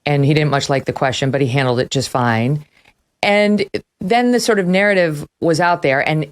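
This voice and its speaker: A woman hosting a political interview, posing long, probing questions. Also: sits low. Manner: poses probing questions at length. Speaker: host.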